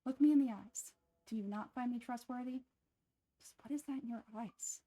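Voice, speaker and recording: A woman's voice: a little high, moderate pace, dark tone, natural voice. A woman voicing cheeky boastful bard boy Venti. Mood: playful boastful. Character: small playful boyish male bard spirit.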